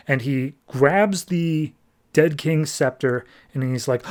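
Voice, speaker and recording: A man's voice: medium pitch, steady tone, a little slow. A man hosting a podcast, recapping a comic book in a chatty, rambling way with fillers. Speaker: podcast host.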